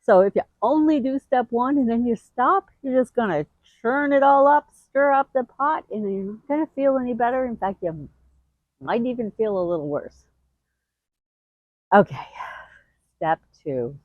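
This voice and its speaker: A middle-aged woman giving heartfelt advice straight to camera, earnest and emotional, with sudden expressive bursts. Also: a little high, normal speed, no room sound, narrow, tinny audio. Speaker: grief video host.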